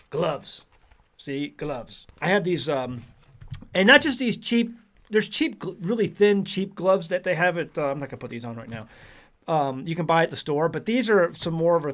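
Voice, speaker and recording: A man's voice: on the high side, fairly bright tone. A middle-aged man from the United States hosting a casual livestream, chatty and rambling as he reads out where viewers are tuning in from. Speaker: livestream host.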